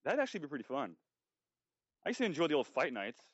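A man chatting on a podcast at a rapid clip, joking and swearing freely. The sound is dull and lo-fi, with no room echo. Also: on the high side, wildly swooping pitch, husky. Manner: profane, joking, quick-talking. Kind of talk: casual chat.

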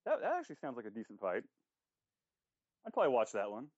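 A man chatting on a podcast at a rapid clip, joking and swearing freely. The sound is dull and lo-fi, with no room echo. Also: medium pitch, huge pitch swings. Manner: profane, joking, quick-talking. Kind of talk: casual chat.

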